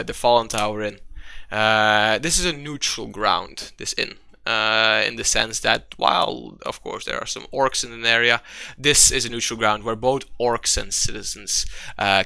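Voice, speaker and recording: A man's voice: lowish voice, a little slow, vocal fry, few pauses, bright, forceful tone, dry recording. A man running a tabletop game as game master, narrating casually in a loose, rambling way with many fillers.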